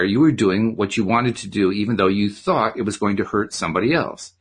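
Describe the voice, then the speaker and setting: A man doing a calm, patient spiritual teacher. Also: lowish voice, breathy edge, heavily acted. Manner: calm, explanatory.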